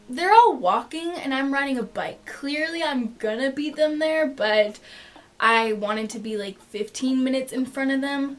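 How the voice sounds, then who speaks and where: High-voiced woman telling a story. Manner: animated, swears freely, laughs mid-sentence. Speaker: vlogger. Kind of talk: casual storytime vlog.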